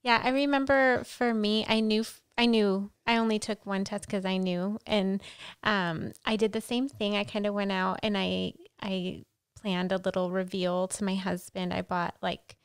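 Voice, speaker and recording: Young woman with a slightly gravelly voice. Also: medium pitch, level tone, no room sound. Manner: warm listener, quick to laugh. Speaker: podcast co-host. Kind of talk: casual chat.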